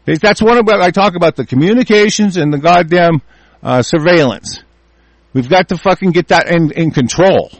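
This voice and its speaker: A man in a furious, profane rant, repeating himself and shouting through restarts. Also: fairly high pitch, moderate pace, no room sound. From United States. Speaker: ranting commentator.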